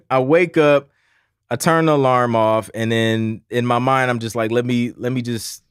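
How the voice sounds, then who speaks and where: A man's voice: medium pitch, clean tone, no room sound, clean studio sound. A man hosting a livestream, chatting casually and telling a rambling story with frequent laughs and repeated phrases. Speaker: livestream host.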